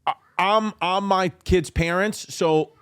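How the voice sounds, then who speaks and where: A man, hosting a podcast in casual chat, rambling and animated with lots of repeats and swearing. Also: high-pitched, slow pace, clean tone. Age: 40s. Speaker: podcast host.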